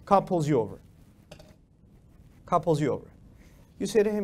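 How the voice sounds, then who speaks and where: Animated high-voiced male lecturer. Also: moderate pace, long pauses. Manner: animated, rhetorical questions, acts out mock dialogues. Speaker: lecturer on the Quran. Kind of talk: Islamic lecture.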